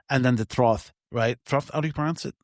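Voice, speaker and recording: A man co-hosting a film podcast in casual conversation, animated, laughing through his stories and swearing often. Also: medium pitch, normal speed, dry recording.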